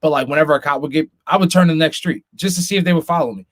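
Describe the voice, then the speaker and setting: A man's voice: on the high side, very fast. A man co-hosting a casual podcast, talking earnestly and with concern, often stumbling and restarting his sentences. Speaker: podcast co-host.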